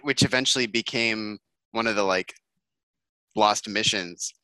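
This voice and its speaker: A man co-hosting a podcast in relaxed, agreeable casual chat. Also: lowish voice, a little slow, clear, resonant tone, no echo. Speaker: podcast co-host.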